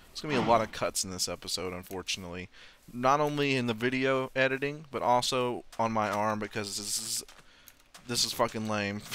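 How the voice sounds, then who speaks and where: A man's voice: on the low side, pushed and bright. A young man giving casual, self-mocking commentary on his own game play, swearing and laughing often. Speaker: let's play host.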